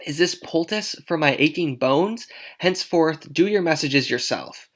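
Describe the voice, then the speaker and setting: A man's voice: a little high, lively intonation, measured pace, fairly bright tone, a little hiss or hum. A man voicing an old nurse who grumbles about her aches and teases as she stalls. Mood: grumbling. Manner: grumbling, teasing, dragging things out. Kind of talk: dramatic read-aloud of a play.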